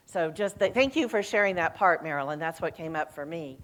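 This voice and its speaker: With a deep voice and a brisk delivery, a middle-aged woman serving as senior minister gives a sermon built on lively storytelling. Her voice swings up and down, and she acts out the lines she quotes.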